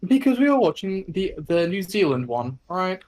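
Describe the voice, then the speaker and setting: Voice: medium pitch, very animated, moderate pace, a little mellow. A young person from Australia, co-hosting a podcast in dry, teasing banter. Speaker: podcast co-host. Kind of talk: casual chat.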